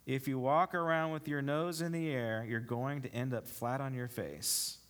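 A man's voice: medium pitch, steady tone, normal speed, a bit bright. A male pastor preaching a sermon, reading scripture aloud and explaining it with rhetorical questions to the congregation. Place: church.

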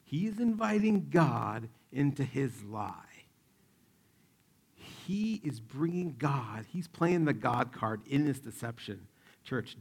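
Gravelly-voiced pastor telling a story. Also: male voice, mid-range voice. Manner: casual, storytelling, acts out quotes. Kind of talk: sermon.

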